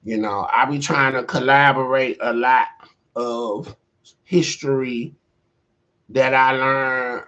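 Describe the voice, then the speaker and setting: A middle-aged vlogger talks straight to the camera at an ordinary pitch, rambling slowly from thought to thought and leaning on fillers like "you know." His tone is steady yet pushed and bright, while the audio itself sounds dull.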